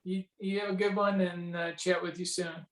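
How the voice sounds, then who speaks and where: A man's voice: sits high, little pitch movement, normal speed. A man chatting as a guest in an interview, full of joking, teasing banter. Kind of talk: casual interview chat.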